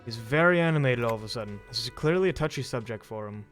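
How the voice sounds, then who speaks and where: A man's voice: mid-range voice, lively intonation, quick pace, few pauses, a bit bright, faint music behind. A man streaming a video game, reading its text aloud with offhand, mumbled asides.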